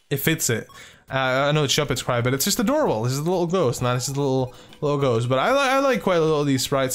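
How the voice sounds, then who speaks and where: A man giving casual commentary while playing a game, excitable, swearing freely and full of filler words. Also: mid-range voice. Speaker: let's play gamer.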